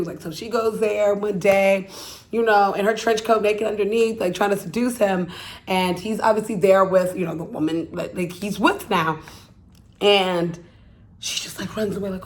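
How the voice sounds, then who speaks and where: A woman with a mid-range voice talks at a normal speed while hosting her own YouTube channel. She recaps a film's plot casually and ramblingly, packing in lots of "like" and "you know" and swearing bluntly.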